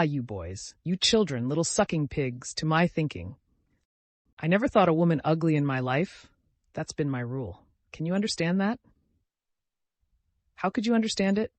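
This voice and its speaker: A man's voice: a little high, no room sound. A man doing a drunken spiteful old father. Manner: rambling, wheedling, quarrelsome.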